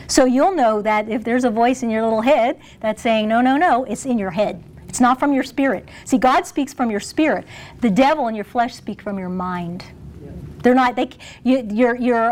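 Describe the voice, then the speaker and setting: A woman giving an informal Bible teaching, chatty and animated, often laughing and restarting phrases. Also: a little high, a little hiss or hum. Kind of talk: informal sermon.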